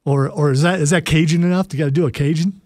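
A man's voice: fairly high pitch, steady tone, fast talker, darkish tone, no room sound. A man co-hosting a sports talk radio show from a studio, playful, often stammering and restarting his lines. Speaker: radio co-host.

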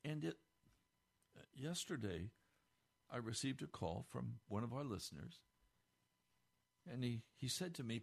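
A male pastor delivering a radio sermon, building to emphatic peaks and then dropping low and quiet. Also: expressive, a little slow, vocal fry, pauses often.

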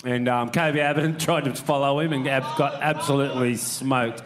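A man's voice: mid-range voice, steady tone, normal speed, crowd noise. A middle-aged man, a former pro surfer, telling stories in casual chat, with many fillers and restarts. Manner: rambling, full of fillers and restarts. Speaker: guest, retired pro surfer.

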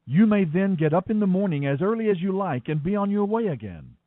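A man's voice: high voice, animated, brisk, no room sound, phone-quality sound. A man reading scripture, voicing a desperate old man who begs and pleads urgently. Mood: pleading. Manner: begging, urgent.

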